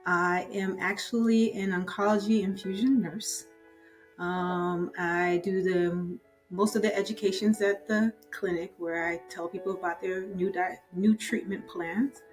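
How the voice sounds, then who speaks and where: A woman's voice: on the low side, fairly even intonation, unhurried, soft background music. A woman in her fifties, a nurse, telling her own story in a casual, chatty way and relaying conversations. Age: 50s. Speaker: oncology nurse sharing her patient story.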